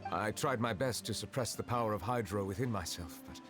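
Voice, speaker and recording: A stern, composed judge, played by an actor, speaks in a very deep voice, slow and formal in every phrase. A game's orchestral score plays clearly behind him. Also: male voice, natural voice. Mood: apologetic. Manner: measured, formal. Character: stern, composed chief justice. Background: game music score.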